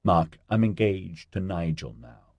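A man's voice: deep voice, very animated, a little slow, a little mellow, dry recording, heavily acted. A man voicing a teasing young woman reporter in an audiobook. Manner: teasing, sly.

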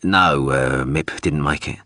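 A man voicing a guarded, low-key man. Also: unhurried, sharp tone, no echo, clean studio sound, heavily acted. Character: guarded man in disguise, quietly wary.

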